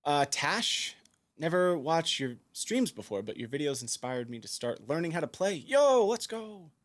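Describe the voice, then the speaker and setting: A man's voice: on the high side, lively intonation, normal speed. A man live-streaming from his piano, chatting casually, reading viewers' messages aloud and humming to himself as he mulls them over. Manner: musing aloud, reading chat, humming, laughing. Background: soft background music.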